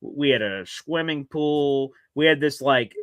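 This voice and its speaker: Guy hosting a call-in radio show, kinda high voice, dry close mic, acts out the voices in his story. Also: a little slow, no room sound. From South Carolina.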